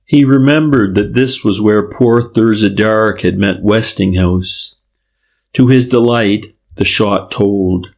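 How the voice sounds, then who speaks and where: Male narrator reading an old detective novel, steady and measured, bit of fry. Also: lowish voice. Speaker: audiobook narrator. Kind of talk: scripted narration.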